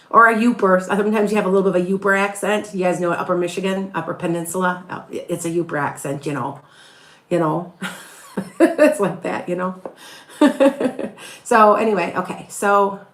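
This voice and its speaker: A woman's voice: mid-range voice, roomy sound. Chatty woman with a slight Wisconsin accent. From northern Illinois, near Chicago. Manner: chatty, rambling, with frequent restarts and laughs. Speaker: psychic medium doing live readings. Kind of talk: casual live-stream chat answering viewer questions.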